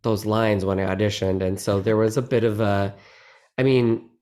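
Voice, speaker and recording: A man, a guest actor in a casual interview, who talks in an animated, rambling way with many restarts and laughs. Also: fairly low pitch, normal speed. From United States.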